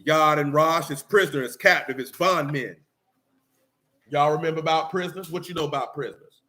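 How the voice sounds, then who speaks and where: A man's voice: fairly high pitch, brisk, bright, forceful tone. A man preaching a blunt, street-talking sermon mixed with scripture reading. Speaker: teacher.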